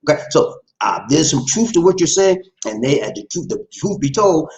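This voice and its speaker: Lively rambling male stream host. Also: fairly high pitch, moderate pace. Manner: rambling, emphatic, repeats phrases, addresses viewers as "man". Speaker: livestream host reading viewer comments. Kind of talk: casual live-stream commentary on news. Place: lives in the Philippines. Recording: echoey room.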